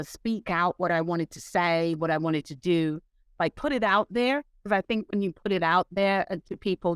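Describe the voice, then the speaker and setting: A woman interview guest telling stories in a lively way, acting out quoted voices. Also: lowish voice, clean tone, dry recording. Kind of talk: storytelling in conversation.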